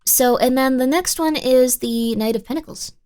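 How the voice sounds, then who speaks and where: A woman's voice: sits high, normal speed, dark tone, clear, resonant tone. A woman streamer in casual livestream chat who rambles through tarot readings and thanks viewers by name.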